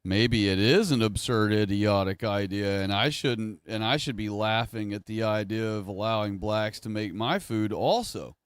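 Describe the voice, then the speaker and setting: A man's voice: on the low side, clear, resonant tone, no echo. A man talking to his audience in a casual livestream monologue, rambling and correcting himself as he goes. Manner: rambling, self-correcting, conversational. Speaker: streamer.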